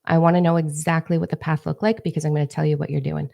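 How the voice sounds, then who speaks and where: A woman's voice: sits low, level tone, quick pace, gravelly, mellow. A woman livestreaming from her phone as a spiritual coach, brash, profane and emphatic. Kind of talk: livestream talk to viewers.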